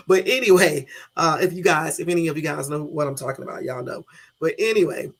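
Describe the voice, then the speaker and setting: Gravelly-voiced woman hosting a casual live. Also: deep voice, a little fast. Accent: Southern US. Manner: chatty, loose, talks to chat viewers. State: groggy morning voice. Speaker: YouTube live host. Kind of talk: casual live-stream commentary.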